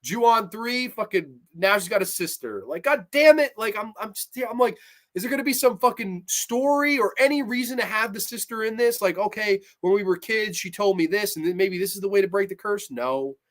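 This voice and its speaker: A man's voice: high-pitched, brisk, fairly bright tone. A man hosting a live movie review stream, swearing freely and ranting heatedly, then reading viewer comments aloud. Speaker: livestream host.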